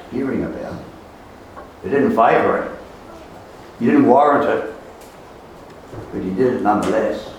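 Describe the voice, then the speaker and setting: A man preaching a sermon, slow and emphatic, repeating key words and letting phrases trail off softly. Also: lowish voice, a little hiss or hum. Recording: roomy echo, voice far from the mic.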